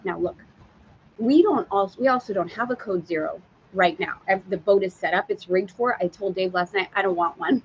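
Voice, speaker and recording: A woman's voice: medium pitch, fairly quick, highs cut off, a little hiss or hum. A woman hosting a live stream from a sailboat, telling a candid story and reading viewer comments aloud. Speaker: spiritual teacher and live-stream host.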